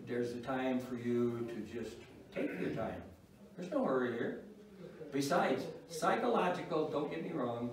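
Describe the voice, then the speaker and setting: An older man teaching a church class on parenting, folksy and wry, chuckling at his own stories. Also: mid-range voice. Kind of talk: informal church class talk. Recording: echoey room, mic far off.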